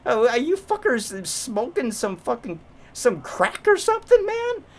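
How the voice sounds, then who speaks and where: Brief: man voicing shrill, swearing, outraged engineer, lots of pitch swing. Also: huge pitch swings, unhurried, heavily acted. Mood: incredulous. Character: irate cursing city engineer, adult man.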